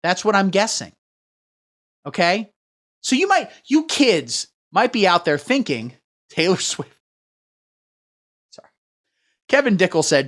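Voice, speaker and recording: A man hosting a satirical livestream, riffing crudely in a rambling, deadpan way while he reads the chat. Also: high-pitched, measured pace, pauses often. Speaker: livestream host. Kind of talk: satirical livestream comedy rant.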